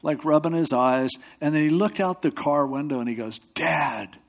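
This pastor, who also hosts a radio show, preaches in a conversational style with a fairly high, brisk voice. He tells stories, acts out quotes in other voices, and speaks loosely with restarts and asides.

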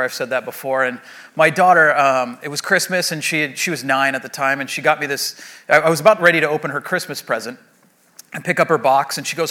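A man in his thirties or forties gives a conversational sermon. His tone is bright and somewhat high for a man, and he tells stories with frequent fillers and restarts. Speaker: pastor.

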